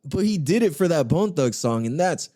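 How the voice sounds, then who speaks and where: A man's voice: on the high side, very animated, normal speed, mellow, dry recording, studio quality. A young man hosting a podcast, telling music stories in a loose, profane, enthusiastic way with lots of slang and laughter. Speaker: podcast host. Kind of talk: casual solo podcast talk.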